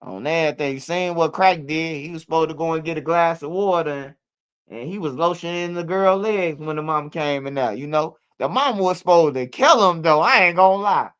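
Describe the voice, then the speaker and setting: A man's voice: a little high, fairly quick, a bit bright, clear, resonant tone. A man giving casual, rambling, profane commentary on street news.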